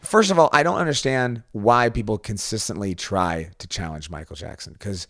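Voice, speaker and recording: A man co-hosting a podcast in casual chat, retelling scenes with animated energy and dropping into silly high voices. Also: normal speed, dry recording, soft background music. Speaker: podcast co-host.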